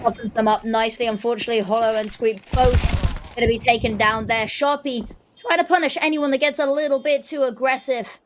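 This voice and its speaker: A British woman giving live play-by-play commentary on a competitive shooter match in a quick, lively, self-deprecating way. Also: on the high side. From United Kingdom. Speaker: esports caster. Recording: noisy, with game gunfire behind. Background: game gunfire and clicks.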